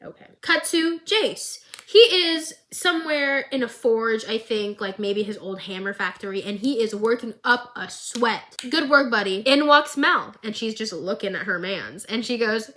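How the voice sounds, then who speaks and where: A woman's voice: fairly high pitch, animated, normal speed, few pauses, bright, forceful tone. A young woman recapping a show for her viewers in a chatty, gushing, playfully dramatic way, with asides. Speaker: video creator.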